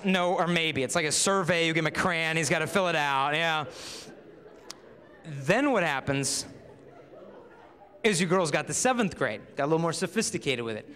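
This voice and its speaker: A young adult man giving a humorous talk at a high school assembly, telling stories and acting out quoted voices. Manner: animated storytelling, acts out quoted voices. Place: large school auditorium. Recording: long hall reverb.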